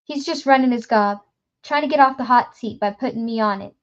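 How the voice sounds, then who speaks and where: A woman voicing a sneering male gang thug who pleads and threatens in a shrill voice. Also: brisk, highs cut off. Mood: snarling.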